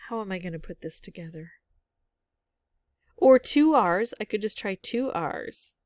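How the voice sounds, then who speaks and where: A woman's voice: medium pitch, lively intonation, unhurried, darkish tone, dry recording, studio quality. A woman thinking aloud as she works through a word game, musing over guesses in casual commentary. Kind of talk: casual solo gameplay commentary.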